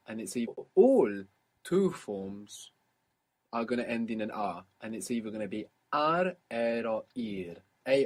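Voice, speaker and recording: A man with a slightly husky, mid-pitched voice teaches a recorded language lesson. He explains patiently, pausing to repeat word endings and forms slowly. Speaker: language teacher on audio course.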